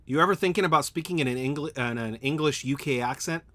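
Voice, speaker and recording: A man's voice: a little high, quick pace, pushed and bright, no room sound. A man thinking aloud while streaming a game at home, answering chat and often correcting himself. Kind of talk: live gameplay commentary, answering chat.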